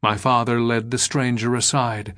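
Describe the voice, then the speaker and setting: A man reading an audiobook in measured, expressive narration. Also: medium pitch. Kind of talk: scripted narration.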